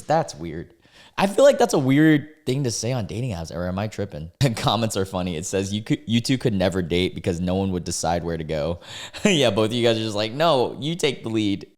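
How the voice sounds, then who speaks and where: Young american guy, kinda low voice, reading dating app stuff out loud and laughing at it. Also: big pitch swings, brisk. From United States. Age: 20s. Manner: amused, laughs often, trails off and restarts. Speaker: YouTuber reacting to dating app posts. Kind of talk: casual reaction commentary.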